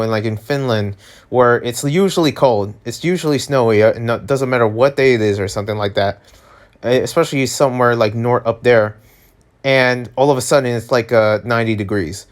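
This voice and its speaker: A man's voice: medium pitch, normal speed. A young man talking casually in a rambling, filler-heavy vlog monologue. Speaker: vlogger.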